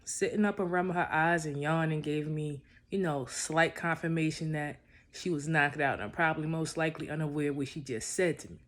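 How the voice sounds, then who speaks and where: A man's voice: a little high, a little fast, a bit bright. A young man casually telling a personal love story in a laid-back way, full of little verbal fillers. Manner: laid-back, peppered with "you know".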